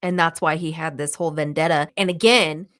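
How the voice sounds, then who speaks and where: A woman's voice: low voice, steady tone, fairly quick, a bit bright. Scornful woman podcast co-host. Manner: blunt, scornful, emphatic. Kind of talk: casual true-crime podcast chat.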